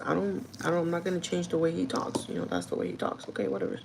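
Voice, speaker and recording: Gravelly-voiced woman telling a chatty story. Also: on the low side, very animated, fast talker, background noise. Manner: chatty and gossipy, with frequent "like" and swearing. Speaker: store manager. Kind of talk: casual storytime chat with a livestream audience.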